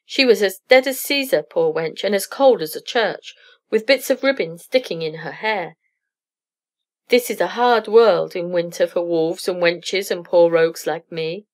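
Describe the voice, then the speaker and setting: A roguish young male poet, quick to boast and quick to squirm, speaking up a shade higher and louder, as a woman storyteller reads his part. It is a plain read-aloud voice rather than a deep character voice. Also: natural voice. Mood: bold. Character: rakish male poet rogue, nervous.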